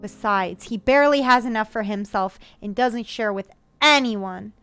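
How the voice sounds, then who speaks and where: A woman voicing a stalwart, fatherly male moose, reading slowly and evenly from a storybook. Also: on the high side, fairly bright tone, clear, resonant tone. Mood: stern. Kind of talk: storybook read-aloud.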